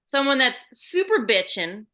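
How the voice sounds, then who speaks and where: A woman's voice: a little high, big pitch swings, unhurried, sharp tone. A woman co-hosting a podcast over a video call, upbeat and teasing with slangy talk. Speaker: podcast co-host. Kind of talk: casual chat.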